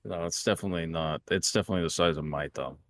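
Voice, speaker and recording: A man's voice: sits low, rapid-fire, dry recording, studio quality. A man in casual podcast chat, defending himself with good humor.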